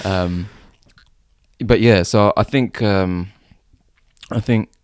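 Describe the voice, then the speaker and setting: A man's voice: fairly low pitch, drawn-out words, dry recording, studio quality. A young man from East London with a London accent, co-hosting a casual podcast chat. He rambles a little, fills his talk with slang and laughs often. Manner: rambling, lots of slang fillers and frequent laughter. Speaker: podcast co-host.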